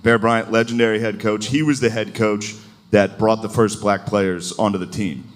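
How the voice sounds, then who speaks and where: Steady in tone and fairly low in pitch, a stand-up comic delivers a loose, profane club set at a moderate pace, now and then mimicking people mockingly. The recording is live, with a laughing crowd audible throughout.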